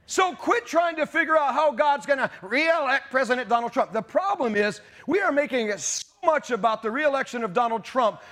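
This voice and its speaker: A man preaching a fiery sermon, shouting and rising to outrage. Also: very high-pitched. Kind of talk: charismatic sermon.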